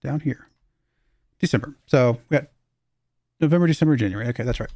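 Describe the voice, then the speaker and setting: A man with a faint Southern US accent talks through his game in a loose, rambling way, chuckling often. His voice sits in a middle pitch. It comes across dry and close, with no room sound. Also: a little fast, mellow, dry recording. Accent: slight Southern US. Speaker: livestream gamer. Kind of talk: casual livestream commentary.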